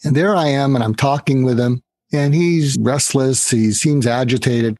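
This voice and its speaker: A man's voice: mid-range voice, moderate pace, dry recording. A man in an interview, an author and negotiation trainer, telling stories and acting out the dialogue in them. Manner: animated storyteller who acts out quoted dialogue. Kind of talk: storytelling in a podcast interview.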